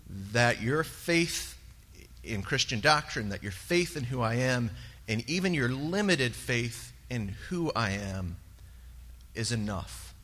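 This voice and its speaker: A man sharing a personal testimony in church, earnest and halting, with many pauses and fillers. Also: mid-range voice, animated, sharp tone. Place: church sanctuary. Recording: long reverb of a large hall.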